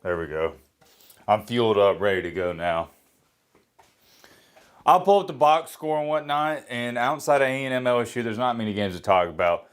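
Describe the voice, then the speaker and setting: A man's voice: mid-range voice, moderate pace, long pauses, clean tone. A man rants through a casual college football reaction in an ordinary, mid-range voice. He talks bluntly and with strong opinions, pokes fun at himself, and often loses the thread before starting over. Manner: blunt, opinionated, self-mocking; rambling with restarts. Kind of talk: casual sports reaction rant.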